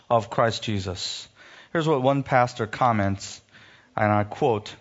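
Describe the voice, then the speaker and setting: A man preaching a sermon, reading scripture and rising sharply in pitch when he rebukes, then dropping low for emphasis. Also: lo-fi sound.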